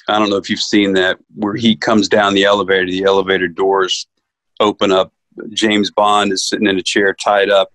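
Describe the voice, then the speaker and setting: Low-voiced animated actor from New York. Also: male voice, no room sound. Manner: animated storyteller, acts out quotes. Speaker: actor guest. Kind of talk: casual interview chat.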